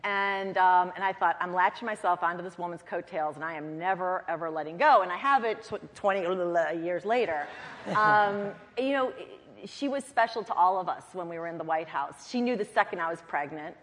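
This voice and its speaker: A woman panelist telling stories from her campaign days in an animated way, acting out the people she quotes. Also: lowish voice, normal speed, in a large hall. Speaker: panelist, former campaign staffer. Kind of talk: panel discussion, lively storytelling.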